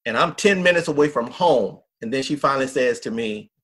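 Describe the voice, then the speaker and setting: A man's voice: mid-range voice, animated, brisk, fairly bright tone, slightly rough. A middle-aged man, a pastor, telling a personal story in a podcast interview in an earnest, folksy way, acting out what others said. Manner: earnest, folksy storyteller who acts out quotes.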